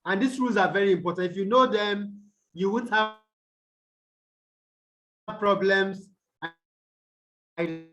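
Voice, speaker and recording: He speaks slowly with frequent pauses, his high voice a bit bright and the sound lo-fi. The man, a Nigerian English tutor, is giving an online video-call tutorial on stress rules, quizzing students and asking "okay?" and "the what?" again and again.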